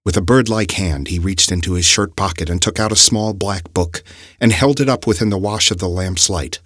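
A man narrating an audiobook story with expressive, dramatic delivery. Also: deep voice, moderate pace, no room sound, studio quality.

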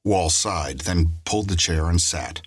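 A man narrating a crime story in a steady scripted audiobook reading. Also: low voice, a little slow, a little hiss or hum.

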